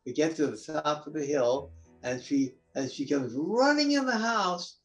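A man's voice: on the high side, expressive, normal speed, faint music behind. A man, a musician guest in an interview, picking up a story in an easygoing way. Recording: roomy, distant from the mic.

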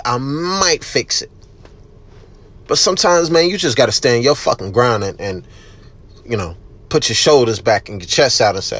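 A man hosting a casual solo podcast, ranting bluntly with heavy cursing, emphatic and loud at times. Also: medium pitch, animated, unhurried. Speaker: podcast host.

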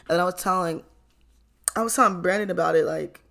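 A young adult vlogger recounting a story in a loose, casual storytime. The voice has a gravelly, fried edge and a middling pitch. The talk is loose and full of fillers, laughs and casual swearing. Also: brisk, bright, forceful tone. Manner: chatty, lots of fillers, frequent laughs and swearing.

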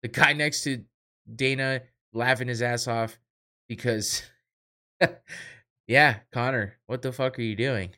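A man's voice: mid-range voice, fairly even intonation, slow pace, long pauses, pushed and bright. Profane laid-back man hosting a podcast. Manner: profane, laughing, mocking. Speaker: podcast host. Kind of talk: casual podcast commentary.

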